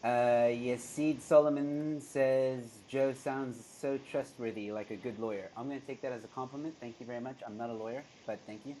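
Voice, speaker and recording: A man's voice: medium pitch, fairly even intonation, normal speed, hardly any pauses, mellow, a little hiss or hum, low-quality recording. A man hosting a casual live stream with comedians, reading out viewer comments and laughing often. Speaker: host.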